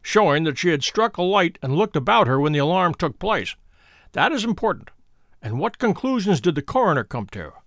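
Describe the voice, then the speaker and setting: Man reading calm incisive detective, storybook, brisk probing questions, dry close sound. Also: fairly high pitch, dry recording. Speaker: audiobook reader.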